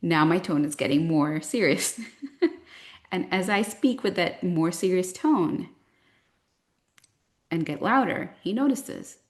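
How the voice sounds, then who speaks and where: Lady in her 30s, parent coach talking to a group, lowish voice, thoughtful, tells her own stories. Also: animated, slow, long pauses. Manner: reflective, gently explanatory, with personal stories.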